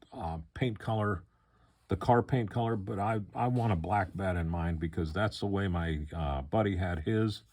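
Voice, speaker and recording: Older man with a low voice, rambling. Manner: relaxed, rambling, with many fillers and restarts. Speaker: model kit hobbyist. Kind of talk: casual unboxing commentary.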